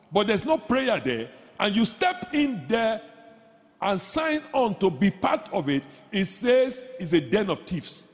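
A male pastor delivers a sermon with a high voice, hammering phrases again and again and pushing up into shouts. His voice rings out with a long reverb that fills a church hall. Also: sing-song, moderate pace. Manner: emphatic, repeats phrases, rises to shouts.

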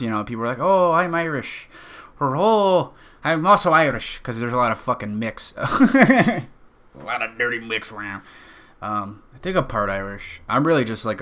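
Bright and forceful, with a medium pitch, this young solo podcaster rambles along casually. Profanity comes often, and so do self-deprecating jokes.

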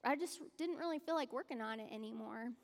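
A woman's voice: fairly high pitch, big-room sound, natural voice. A woman voicing a tired, down man chatting at a grill, speaking hesitantly with many fillers. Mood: weary, hesitant. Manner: hesitant, halting, full of fillers.

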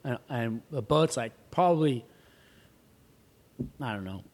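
Speaking at a measured pace with a medium-pitched voice, a surfer guest recounts a wild tale in easy conversation. He animatedly imitates the characters' voices and doesn't hold back on profanity.

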